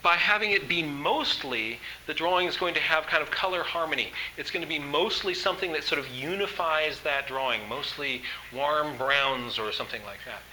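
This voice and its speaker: Guy teaching a drawing workshop, super bright sharp voice, chatty and eager, lots of ums. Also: on the high side, normal speed, hardly any pauses, a little hiss or hum, low-quality recording. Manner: enthusiastic, conversational, with frequent fillers. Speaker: art instructor. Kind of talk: workshop lecture.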